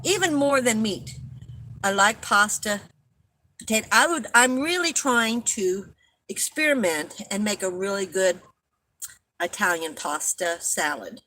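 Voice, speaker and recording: A woman's voice: mid-range voice, animated, a little slow, sharp tone, rough recording. An older woman hosting a casual live-stream chat, rambling and chatty, laughing at her own stories and coughing often.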